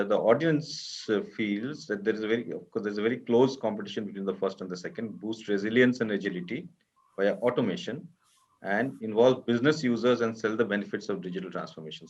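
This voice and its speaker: A man's voice: fairly low pitch, dull audio. A man moderating an online roundtable, putting audience questions to panelists and announcing a poll. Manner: brief acknowledgements and poll announcements. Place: video call.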